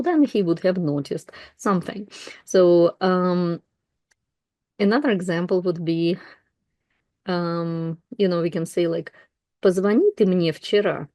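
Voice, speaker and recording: A woman whose first language is Russian explains a text to learners in a relaxed, unscripted way, pausing on fillers and correcting herself. Her voice sits low and mellow. The recording is dry and close. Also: no room sound. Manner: relaxed, thinking aloud with fillers and self-corrections. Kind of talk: explaining a text while reading aloud.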